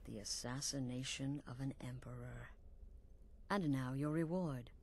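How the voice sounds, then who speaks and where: A stern low-voiced assassin leader. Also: female voice, unhurried, a little mellow. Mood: grave.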